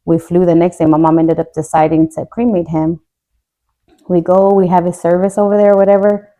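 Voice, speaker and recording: A woman's voice: on the low side, level tone, fairly quick, warm tone. Candid woman telling a grief story. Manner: candid, jokes to cope, voice drops when tearful. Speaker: podcast co-host. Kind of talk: casual emotional storytelling.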